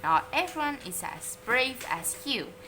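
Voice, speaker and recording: A woman voicing a patient mother who gently scolds her sons in a storybook. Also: high-pitched, big pitch swings, a little slow, a little hiss or hum, voice pushed up, full character voice, rough recording. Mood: gentle.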